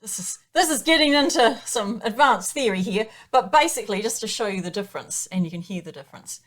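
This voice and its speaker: A woman's voice: medium pitch, lively intonation, fairly quick. A woman piano teacher patiently explaining time signatures and counting beats aloud in a chatty way. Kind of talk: explaining music theory in a lesson.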